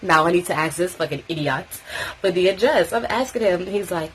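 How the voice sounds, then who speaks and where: A young woman from Tobago telling a story in casual vlog chat, animated and swearing freely. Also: on the low side, brisk, slight background noise, rough recording. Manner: animated, swearing freely, acting out quoted voices.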